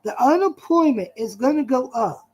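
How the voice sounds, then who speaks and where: A woman's voice: high voice, lively intonation, normal speed, crowd noise, rough recording. A woman hosting a heated casual chat, blunt and combative, pressing the others with pointed questions.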